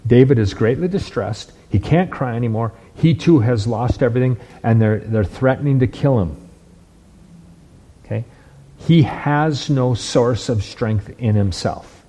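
A man preaches a sermon, making emphatic points and checking in with listeners by asking "right?" and "okay?", repeating and restarting words as he builds his case. His medium-pitched voice is animated and mellow, at a normal speed.

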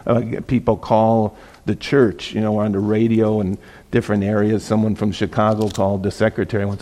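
A man's voice: fairly low pitch, flat delivery, fairly quick, warm tone. A middle-aged man, a pastor, giving a casual, conversational sermon, often chuckling and repeating words as he goes.

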